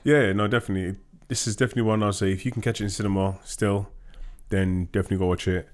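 A man with a lowish voice chats about a film he loved, sliding easily between sincere praise and playful jokes. His talk is loose and conversational, full of small fillers. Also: fairly even intonation, rapid-fire, darkish tone. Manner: joking, playful banter. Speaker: podcast co-host. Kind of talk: casual film review chat.

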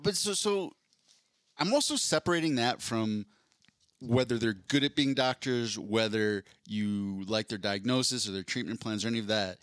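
A man's voice: mid-range voice, normal speed, a bit bright, no echo, studio quality. A man co-hosting a podcast in casual chat, rambling through stories with a self-deprecating, jokey manner. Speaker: podcast co-host.

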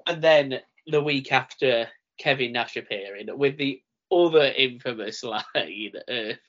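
A man's voice: mid-range voice, measured pace, hardly any pauses, fairly bright tone. A man hosting a casual podcast chat, leading the segments and quoting lines with emphasis. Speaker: podcast host. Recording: dull lo-fi podcast audio.

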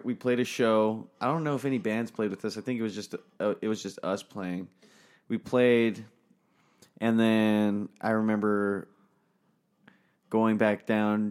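A man's voice: fairly low pitch, darkish tone, clean tone. A young man, a podcast co-host, telling stories in casual chat, rambling, swearing often and laughing as he goes.

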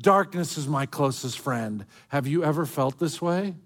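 A male pastor preaching a sermon, swinging between soft, hushed lines and emphatic outbursts. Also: on the high side, expressive, a little slow.

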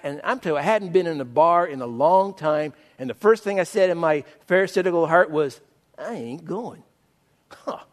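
A middle-aged man preaches in a relaxed, storytelling manner, often poking fun at himself. His voice sits fairly high for a man. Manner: conversational storytelling, self-mocking humor. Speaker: pastor. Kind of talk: sermon.

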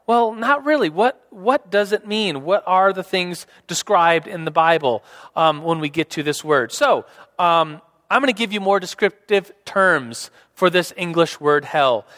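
Young male preacher, casual and rambling, high voice, long hall reverb. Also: a little slow, a bit bright. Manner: casual, rambling, many fillers and restarts. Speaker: pastor. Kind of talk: sermon. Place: church hall.

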